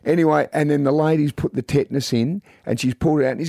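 A man's voice: on the high side, quick pace, gravelly, hardly any pauses, no room sound. A middle-aged Australian man hosts a radio show, chatting casually and slipping into the voices of the people in his stories. The studio sound is close and dry, with no room around him. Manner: animated storyteller, acts out quotes. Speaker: radio host. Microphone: studio microphone.

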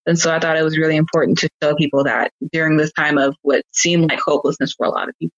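A woman's voice: sits low, fairly even intonation, fast talker, no room sound, highs cut off. A woman talking earnestly and from the heart as a guest in a casual conversation. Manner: earnest, heartfelt, laughs easily. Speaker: guest, praise dancer.

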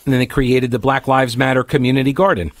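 A man's voice: medium pitch, flat delivery, quick pace, no echo. A man hosting a talk radio show, delivering an opinionated monologue full of sarcastic, mocking asides.

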